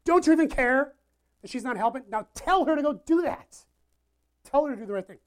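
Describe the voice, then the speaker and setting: A woman's voice: high voice, lively intonation, brisk, pitched above the performer's own voice. A woman voicing a frustrated, bossy older sister who gripes and scolds. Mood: fuming. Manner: griping, scolding.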